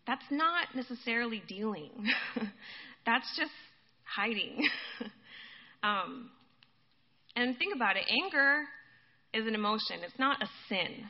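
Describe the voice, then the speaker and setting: Woman preacher, easygoing sermon, voice a bit high, muffled lo-fi sound. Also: expressive, a little slow, long pauses. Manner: conversational, addresses listeners as guys, laughs often. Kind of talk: casual sermon. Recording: dull lo-fi recording.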